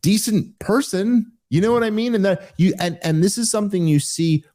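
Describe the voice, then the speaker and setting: Guy hosting a podcast, comedian, chatty storytelling, gets worked up and his voice jumps up. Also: quick pace. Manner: animated, rising higher when indignant. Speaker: podcast host and stand-up comic.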